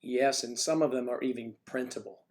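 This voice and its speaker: A man with a lingering cough hosts a casual livestream from home. He rambles and jokes with the viewers in the chat, speaking at an average pitch. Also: a little fast. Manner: rambling, chatty, joking with the chat. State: has a cough. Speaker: livestream host. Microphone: microphone on a stand he keeps adjusting.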